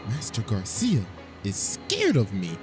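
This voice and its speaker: A man voicing a calm, polite and deadly woman maid with formal, courteous menace, in a fan-made comedy dub. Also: fairly low pitch, measured pace, over music, pitched below the performer's own voice. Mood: coolly polite.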